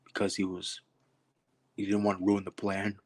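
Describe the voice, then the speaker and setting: A man in casual chat, explaining his own characters in short, halting bursts. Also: lowish voice, completely flat delivery, a little mellow, dry recording.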